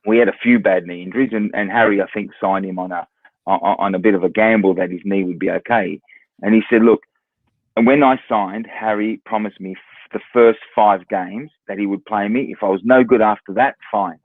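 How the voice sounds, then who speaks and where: A lowish-voiced Australian man recounts dressing-room stories in a loose, anecdotal way, stumbling over and repeating words as he acts out quotes. His voice comes through a narrow, tinny line with a dry, close sound. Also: fairly quick, dry recording. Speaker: former footballer, guest. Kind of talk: casual storytelling.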